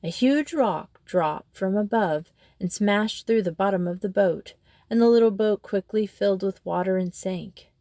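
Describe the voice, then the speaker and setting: A woman reading a children's storybook aloud in a steady, expressive way. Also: medium pitch, a little slow, no room sound, studio quality. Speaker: storybook reader. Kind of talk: storybook narration.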